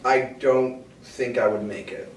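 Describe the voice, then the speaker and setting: A man's voice: mid-range voice, steady tone, unhurried, slight background noise. A young man co-hosting a student podcast, joking about himself and laughing. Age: young adult. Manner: self-deprecating, laughing. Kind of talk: casual chat. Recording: echoey room, mic far off.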